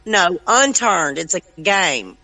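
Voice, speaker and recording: A woman's voice: fairly low pitch, sing-song, slow pace, pushed and bright, faint music behind, rough recording. A woman with a Southern US accent in a casual voice chat, blunt and chatty, dropping "y'all". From Southern United States. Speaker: chat participant.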